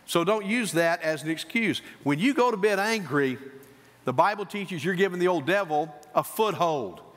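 A male pastor preaching a sermon, swinging between emphatic high points and quieter asides. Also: lively intonation, moderate pace. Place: church sanctuary. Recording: church hall reverb.

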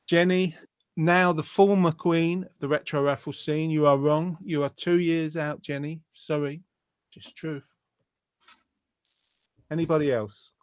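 A man's voice: a little high, fairly even intonation, slow pace, long pauses, dry recording. A man hosting an online quiz show, reading out viewers' answers and teasing them in a jokey way. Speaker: quiz host.

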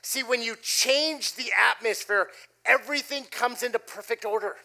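A middle-aged man preaching a sermon, telling a personal story with animated delivery and dropping his voice low for quoted lines. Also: normal speed, gravelly, background noise. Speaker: pastor. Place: church stage before a congregation.

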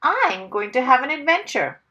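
A woman's voice: a little high, very animated, slow pace, a bit bright, muffled recording, voice pushed up, heavily acted. Mr. Wumble, a woman doing a blustering little man. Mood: excited. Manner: cross, blustering, self-important. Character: small timid man turned blustering adventurer.

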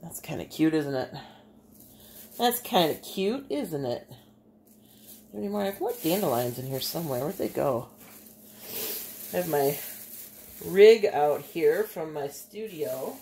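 Woman, low voice, Bay City Michigan accent, chatty craft demo, thinks aloud, home kitchen. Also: expressive, a little slow, pauses often, dark tone, slight background noise. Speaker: artist and art teacher. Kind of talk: casual craft demonstration.

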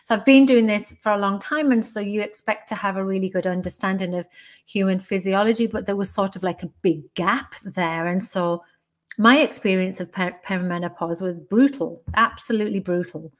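A woman in her fifties speaks with a Northeast English accent as a podcast guest. She is frank and down to earth, with no fuss. Her voice sits at an ordinary mid pitch. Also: a little fast. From Northeast England. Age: 50s. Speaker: guest, menopause educator. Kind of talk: casual podcast interview.

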